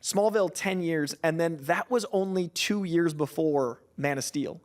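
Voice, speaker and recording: A man with a somewhat high voice talks comics history as a podcast correspondent. He sounds animated and a little amazed as he runs through dates. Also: a little slow. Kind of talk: casual chat.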